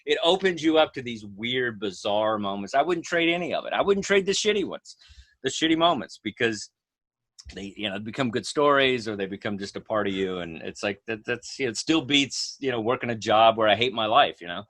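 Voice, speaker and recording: A male comedian guest on a podcast, telling a rambling, animated story and swearing freely. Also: mid-range voice, fairly quick, no room sound.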